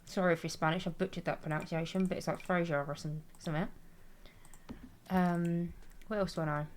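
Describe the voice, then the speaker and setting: There's a little hiss or hum behind this young woman's fairly low, evenly intoned voice as she talks briskly on stream. She games, reads chat aloud, and chats in a rambling, self-deprecating way, laughing often.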